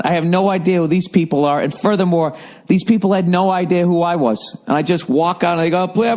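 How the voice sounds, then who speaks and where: A man's voice: a little high, creaky. A man in his forties, a comedian hosting his podcast, telling a rambling, profane story in a sarcastic, casual monologue. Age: 40s.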